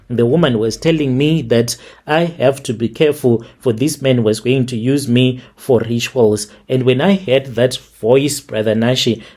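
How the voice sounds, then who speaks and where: A man with a warm, mellow voice tells a first-person story as scripted narration. His reading stays steady and plain, at an ordinary middle pitch. The delivery is measured throughout.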